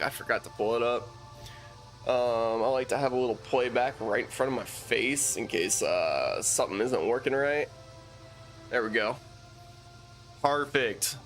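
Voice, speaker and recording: Laid-back slangy young man streaming. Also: medium pitch. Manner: slangy, relaxed, thanks viewers, many fillers and restarts. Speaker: game streamer. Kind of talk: casual live-stream chat while gaming.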